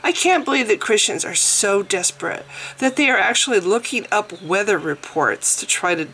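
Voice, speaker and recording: A woman's voice: mid-range voice, lively intonation, moderate pace, fairly bright tone, slight background noise. A woman vlogger who is sick, ranting casually in an exasperated, mocking way and laughing now and then. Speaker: atheist vlogger. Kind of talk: casual vlog rant.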